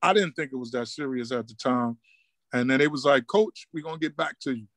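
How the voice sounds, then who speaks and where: A middle-aged man from Newark, a basketball coach telling stories in a relaxed street style and acting out what people said. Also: medium pitch, a little fast, no echo. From Newark, New Jersey. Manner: laid-back street talk, acts out quoted dialogue. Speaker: high school basketball coach, guest. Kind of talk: casual storytelling interview.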